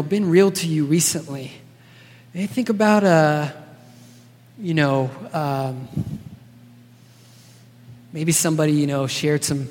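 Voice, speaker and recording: A man's voice: fairly high pitch, a little mellow. A man preaching a sermon in a casual, earnest way, often checking in with his listeners by asking "right?". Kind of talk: conversational sermon. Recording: long reverb of a large hall.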